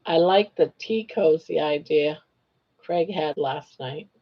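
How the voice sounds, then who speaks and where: Slow-talking older woman, chatty host. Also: sits low, lo-fi sound. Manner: chatty, teasing, laughs often, counts stitches aloud. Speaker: live-stream host. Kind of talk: casual live-stream chat while crocheting.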